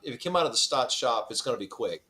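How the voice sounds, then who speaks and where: A man at a middle pitch hosts a racing podcast in a relaxed, chatty way. He says "y'all" and lingers with enthusiasm on the car details as he talks. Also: very fast, over a noisy crowd. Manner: chatty, Southern "y'all", enthusiastic about cars. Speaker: podcast host. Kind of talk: casual podcast interview.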